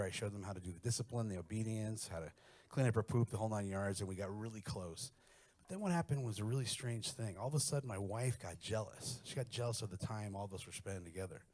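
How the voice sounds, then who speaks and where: Brash, low-voiced male stand-up comic. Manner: brash storytelling, crude and animated. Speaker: stand-up comedian. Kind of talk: stand-up comedy set.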